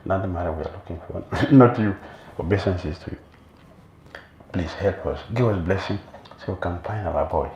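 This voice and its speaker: A man's voice: low voice, a little mellow, echoey room, slight background noise. A man voicing young village women who plead for help finding a boy. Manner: pleading, hurried.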